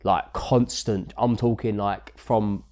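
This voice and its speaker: Soft-spoken London man, rambling. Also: on the low side, fairly even intonation, slow. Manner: rambling, repeats words, quiet and trailing. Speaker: jewellery shop partner, guest. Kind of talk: casual podcast chat.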